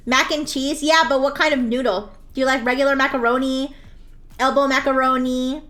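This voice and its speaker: High-voiced giggly woman streamer. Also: fairly even intonation, normal speed, a bit bright. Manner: playful and giggly, laughs often; acts out a bratty daughter in jest. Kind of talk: casual live-stream chat while drawing.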